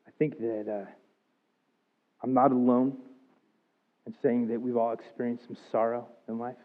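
A man's voice: mid-range voice, level tone, normal speed. A man in his thirties preaching a sermon, earnest and confessional, rising to emphatic outbursts. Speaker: pastor. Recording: thin phone-like sound.

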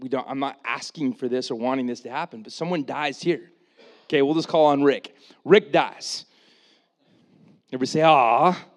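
A man with a slightly higher voice preaches to his congregation in an easygoing, conversational way. He acts out the people in the story with lively quoted asides, then turns quiet and earnest when he makes his main points. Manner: casual and animated, with dramatic quoted asides. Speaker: pastor. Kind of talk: sermon.

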